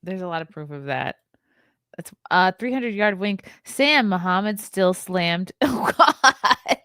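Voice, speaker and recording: A woman's voice: fairly low pitch, expressive, slow, pushed and bright, no room sound, studio quality. A woman hosting a casual podcast, laughing often, giving short reactions and reading out viewer comments. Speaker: podcast host.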